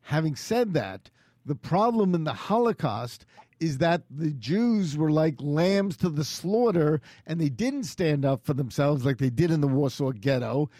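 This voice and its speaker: A man's voice: fairly high pitch, expressive, unhurried, warm tone, no echo. Blunt man in his sixties, dry studio sound. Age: 60s. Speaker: radio host. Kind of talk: radio interview.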